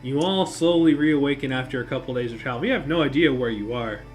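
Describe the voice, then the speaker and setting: Faint music plays behind a fast-talking man with a mid-range voice. As the stream's game master, he loosely recaps and narrates the tabletop session, cursing often and fixing his own slips mid-sentence.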